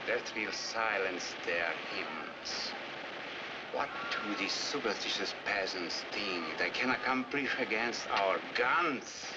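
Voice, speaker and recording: A man's voice: lowish voice, takes it slowly, muffled recording. An actor in a 1950s film playing a domineering, contemptuous Soviet premier who barks his orders. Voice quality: barking, scornful. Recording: old film soundtrack with hiss.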